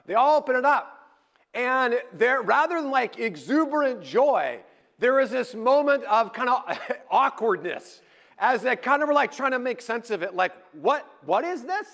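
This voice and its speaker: This forties-aged pastor has a high-pitched voice and preaches through animated, conversational storytelling, acting out each quote.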